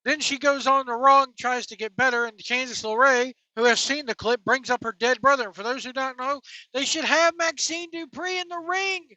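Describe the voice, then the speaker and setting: Host on a rant: bright, forceful voice, blunt and scornful, trading insults. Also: high-pitched, steady tone, moderate pace, no room sound, poor audio. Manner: blunt, scornful, name-calling. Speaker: wrestling commentary host. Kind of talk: opinionated rant.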